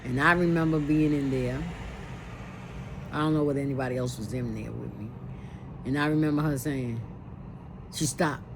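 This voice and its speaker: Low-voiced woman recalling a family memory. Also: moderate pace, long pauses, background noise. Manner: earnest, repeats herself as she recalls. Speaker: storyteller. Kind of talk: personal memory storytelling.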